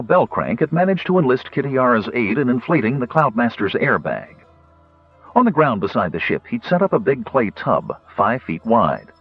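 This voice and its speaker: Low, husky, expressive male audiobook narrator. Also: no echo, muffled recording. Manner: expressive storytelling.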